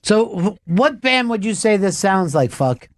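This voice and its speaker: A man's voice: sits high, very animated, normal speed, dry recording. A man hosting a radio show in loose, profane, casual chat full of fillers.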